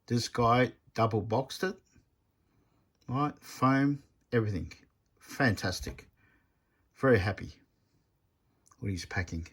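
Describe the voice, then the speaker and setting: A man's voice: lowish voice, darkish tone, slightly rough. A man, a repair technician chatting bluntly in a casual workshop vlog. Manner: blunt, chatty storyteller, retells arguments animatedly.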